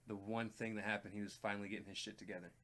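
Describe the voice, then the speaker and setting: Co-hosting a music reaction video, a man chats casually, speaking earnestly and plainly and often addressing viewers directly. His fairly low voice barely moves in pitch, and he talks at a racing pace with a sharp tone.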